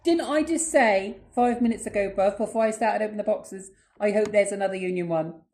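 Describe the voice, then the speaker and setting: An excitable woman unboxing her collection in a casual vlog, swearing freely and squealing with delight. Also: mid-range voice, fairly quick. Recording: echoey room with clear background noise.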